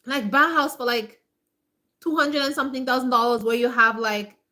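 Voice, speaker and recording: Emphatic woman with a bright voice. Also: a little high, fairly even intonation. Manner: emphatic, repeats herself, many fillers like "like"; acts out other people's voices in quick asides. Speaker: homesteading vlogger. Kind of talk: casual motivational talk to viewers.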